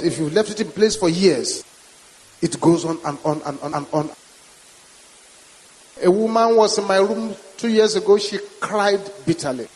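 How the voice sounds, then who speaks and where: A man with a Nigerian accent preaching a sermon as a pastor, with emphatic, repetitive declarations. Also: high-pitched. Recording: reverberant hall with faint hiss.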